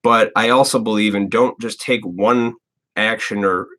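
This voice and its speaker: A man's voice: lowish voice, steady tone, measured pace, a bit bright. Profane, rambling man in his thirties. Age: 30s. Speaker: live stream host. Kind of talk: casual ranting monologue.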